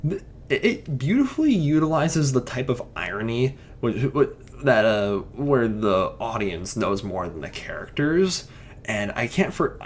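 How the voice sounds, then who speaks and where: Young male film reviewer, lively pitch swings, chatty and filler-heavy, faint background hiss. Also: unhurried. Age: young adult. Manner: rambling, filler-heavy, enthusiastic with frequent restarts. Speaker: movie reviewer. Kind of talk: casual spoken film review.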